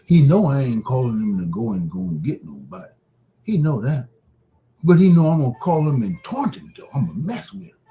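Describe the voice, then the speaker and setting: A man hosting his own broadcast, preaching casually in a repetitive, drawn-out way. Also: medium pitch, very animated, dark tone, soft background music, rough recording. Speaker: broadcast host.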